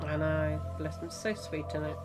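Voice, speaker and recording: A woman's voice: sits low, monotone, normal speed, music in the background. A woman, a mother co-hosting a casual podcast chat, who tells stories and laughs often. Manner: laughs often, chatty storytelling. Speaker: podcast co-host; mother of co-host.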